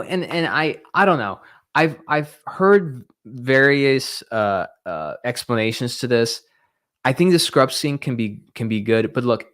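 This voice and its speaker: A man's voice: fairly low pitch, a bit bright. Guy coaching sales reps, casual and emphatic, keeps saying right? okay?, walks around the room acting stuff out. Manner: emphatic, demonstrates with role-play, frequent "right?" and "okay?". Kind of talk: casual instructional talk.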